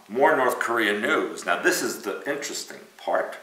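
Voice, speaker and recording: A man's voice: on the low side, normal speed, far from the mic. A man hosting a casual news commentary show, joking and teasing as he talks. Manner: joking, animated, teasing asides. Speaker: host. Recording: echoey room, off mic.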